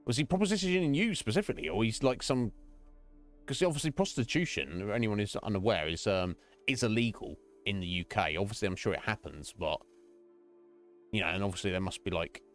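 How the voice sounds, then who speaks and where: A man streaming a game, chatting casually in a rambling, halting way and often laughing. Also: lowish voice, soft background music.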